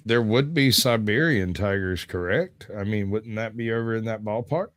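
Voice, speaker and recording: A man's voice: on the low side, expressive, moderate pace, fairly bright tone, no room sound. A man in casual panel chat, jokey and full of slang. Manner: slangy, jokey, says bro. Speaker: panel guest.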